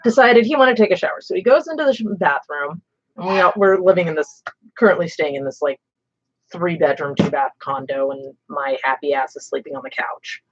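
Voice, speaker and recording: Animated woman spinning a casual story. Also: low-pitched, fairly quick, dull audio. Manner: animated, expressive storyteller who swears casually. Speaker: streamer host. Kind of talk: casual storytelling while painting.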